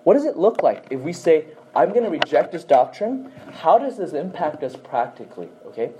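A man's voice: a little high, sing-song, normal speed, dark tone, slight background noise, rough recording. A man teaching a Bible class, often quizzing listeners with questions and adding "okay?" to his points.

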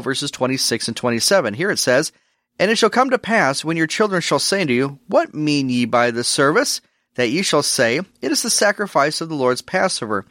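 A man hosting a religious radio program, giving a scripted, earnest teaching and reading scripture in a measured way. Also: mid-range voice, fairly bright tone, no room sound, studio quality. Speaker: radio ministry host.

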